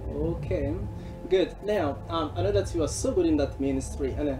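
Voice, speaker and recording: A man hosting an English-language talk show, asking questions in a halting, formal way with frequent fillers. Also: fairly high pitch, music in the background. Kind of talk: interview hosting.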